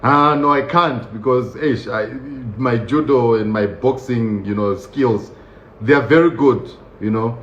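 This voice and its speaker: A man telling his own story in a casual, animated way, laughing often and acting out the voices of others. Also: medium pitch, unhurried. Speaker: show host recounting his own experience. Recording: roomy, dull lo-fi sound with faint hiss.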